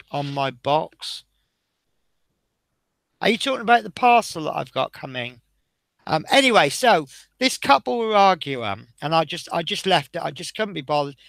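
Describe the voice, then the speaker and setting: A man's voice: fairly high pitch, vocal fry, a bit bright, no room sound. A man chatting casually on a stream, telling stories from his bus-driving days in a chatty, anecdotal way and reading out comments as he goes. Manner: chatty anecdotal storyteller, reads out chat. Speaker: streamer building a model bus.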